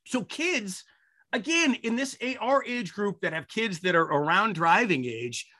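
A man's voice: high-pitched, expressive, a little slow, sharp tone. A man from the Rochester, New York area, chatting casually and joking about teenagers. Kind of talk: casual chat.

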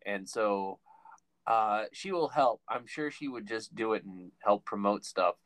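A podcast host with a lowish, slightly bright voice talks at an unhurried pace, chatting casually in an interview and telling meandering stories that he keeps breaking off and restarting. The audio is poor but has no room sound.

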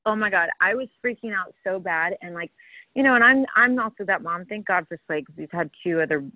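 A woman's voice: medium pitch, fairly quick, dry recording. A woman, a mother, telling a long rambling story in casual chat, full of fillers. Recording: tinny phone-like line, dry.

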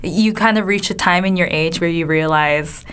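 A young woman from California chats casually as a co-host, telling her story in an earnest way with plenty of ums and likes. Her voice sits a little low for a woman. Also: normal speed, fairly bright tone, smooth. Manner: earnest, filler-heavy storytelling. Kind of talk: casual chat.

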